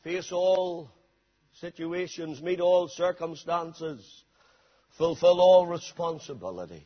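A man preaching a sermon dramatically, swinging between hushed passages and shouted ones. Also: on the high side, slow pace, slightly rough. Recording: dull lo-fi sermon recording.

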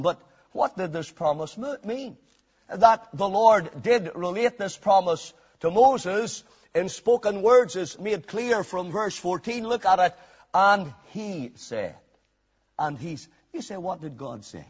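A high, husky male voice preaches with fervour, dropping to a hush and then rising to a shout on repeated phrases. The recording is dull and lo-fi. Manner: fervent, swings from hushed to shouted emphasis; repeats phrases for emphasis, old-fashioned scripture wording. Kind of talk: sermon.

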